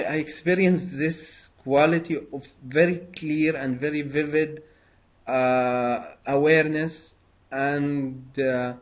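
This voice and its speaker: Male interviewer, very slow and halting, lots of "uh". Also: mid-range voice, fairly even intonation. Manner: halting, many pauses and fillers. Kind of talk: conversational interview.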